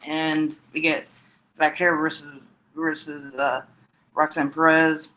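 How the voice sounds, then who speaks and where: Rambling bright-voiced man recapping. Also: a little high, level tone, measured pace, poor audio. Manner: rambling with frequent restarts and quoted voices. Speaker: wrestling fan recapping storylines. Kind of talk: casual solo recap.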